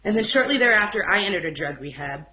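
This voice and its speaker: Young woman, interview guest, crisp bright tone, emotional and halting testimony. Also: mid-range voice, animated, poor audio. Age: young adult. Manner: emotional, halting, with restarts and apologies. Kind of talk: personal testimony in an informal interview.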